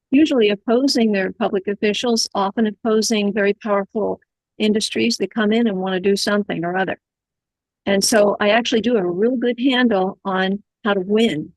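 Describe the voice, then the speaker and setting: Measured, instructive woman, dry sound. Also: medium pitch, no room sound, poor audio. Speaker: community advocacy adviser. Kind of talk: explanatory discussion. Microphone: video call.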